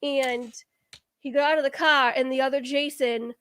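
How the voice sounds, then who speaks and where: A woman's voice: high-pitched, fairly even intonation, normal speed, a bit bright, clear, resonant tone. A woman guest on a casual game-show chat, telling a long, winding story. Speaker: guest contestant.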